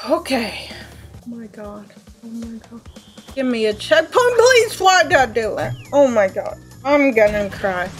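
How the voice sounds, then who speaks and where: A young woman commenting on her own gameplay, exasperated and self-mocking, slipping into sing-song complaints. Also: a little high. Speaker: let's play gamer. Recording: faint game music behind.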